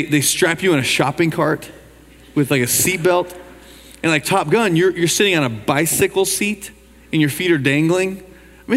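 Male pastor, mid pitch, folksy and animated storyteller, church reverb. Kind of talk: sermon. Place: church auditorium.

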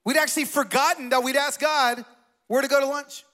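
Bright-voiced, animated storytelling preacher man. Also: very high voice, fairly quick. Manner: animated, conversational, asks the crowd questions. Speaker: pastor. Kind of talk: storytelling sermon.

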